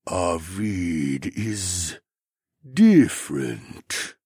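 A man voicing a huge, slow, terse male sloth-man creature in an audiobook, speaking in short droning words. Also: low voice, sing-song, warm tone, husky, dry recording, studio quality, heavily acted. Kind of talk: audiobook character voice.

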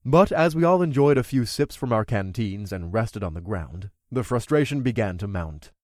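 A man's voice: lowish voice, lively intonation, normal speed, no room sound, clean studio sound. A man narrating a first-person fantasy audiobook in a wry, conversational way.

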